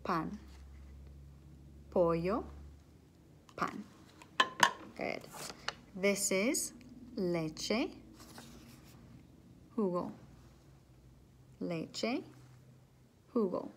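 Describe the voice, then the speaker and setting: A woman teaching children, speaking patiently and pausing so they can repeat each word after her. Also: medium pitch, animated, background noise. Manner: slow, patient, drills words and waits for repeats. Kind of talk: recorded classroom lesson, call and repeat.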